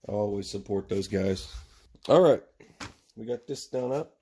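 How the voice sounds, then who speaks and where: A man's voice: mid-range voice, creaky, background noise. A man in his thirties who rambles casually and chuckles to himself as he works at a bench, talking to viewers. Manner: rambling, chuckling, talks to himself while working. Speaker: channel host making knife gear.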